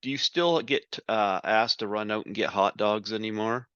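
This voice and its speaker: Deep-voiced podcast host, dull sound. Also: male voice, a bit bright, clean tone, no room sound. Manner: halting, with fillers. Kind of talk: interview questions.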